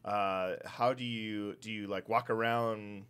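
Male podcast host, low but bright voice, rambling halting questions, casual. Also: fairly even intonation, clean tone.

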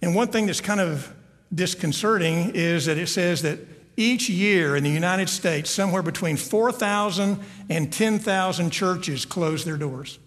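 A man's voice: high-pitched, unhurried, fairly bright tone. A man preaching a sermon to his congregation as pastor, earnest and often repeating words as he searches for the next one. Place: church sanctuary. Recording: long hall reverb.

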